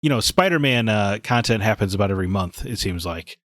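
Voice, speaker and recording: A man with a low voice gives blunt, opinionated takes in loose podcast chat. The sound is dry and close, with no room around it. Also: expressive, fairly quick, a bit bright, dry recording. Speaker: podcast co-host. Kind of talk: casual chat.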